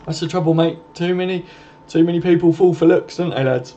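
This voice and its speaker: This young man's voice sits fairly high, with a steady, mellow tone and a slightly quick pace. He's running a late-night live stream from home, casually reading and answering viewer comments while swearing freely. The stream audio is dull and lo-fi, with faint noise underneath.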